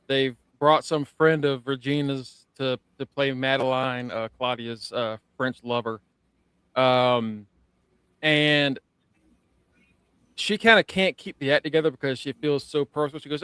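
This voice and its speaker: Animated man recapping a show. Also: medium pitch, unhurried, smooth, no room sound. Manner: animated, profane, acts out scenes. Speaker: podcast co-host. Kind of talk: casual show review chat.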